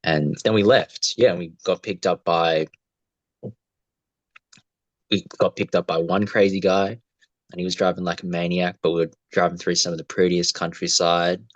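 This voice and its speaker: Deep-voiced man telling travel stories. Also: flat delivery, normal speed, dry recording, low-quality recording. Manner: rambling, swearing, reflective. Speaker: podcast co-host. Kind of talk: casual storytelling chat.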